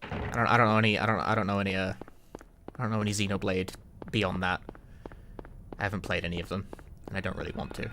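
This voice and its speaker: Playing a game on a live stream, a London-born speedrunner with a London English accent rambles in casual chat, wry and occasionally swearing. He talks fast in a low voice with little pitch movement, pausing often, over a noisy background.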